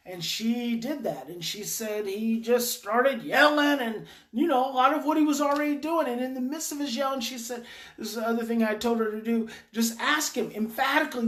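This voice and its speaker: Woman parenting educator, informal and emphatic talk, slightly high voice, echoey room. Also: moderate pace. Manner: emphatic, repeats key phrases. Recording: roomy echo.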